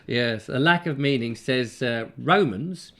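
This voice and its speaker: A man's voice: mid-range voice, a little slow, fairly bright tone. A man from England hosting a comic live chat show, joking and chatting, slipping into silly voices. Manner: playful, drifts into silly put-on voices. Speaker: show host.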